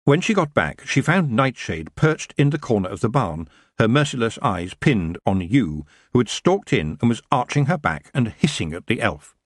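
Husky, lively male storyteller. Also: medium pitch, moderate pace, no echo, studio quality. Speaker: audiobook narrator. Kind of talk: scripted narration.

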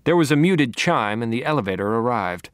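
A man narrating a novel in the first person with a wry, deadpan delivery. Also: mid-range voice, fairly quick, no room sound, clean studio sound. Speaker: audiobook narrator.

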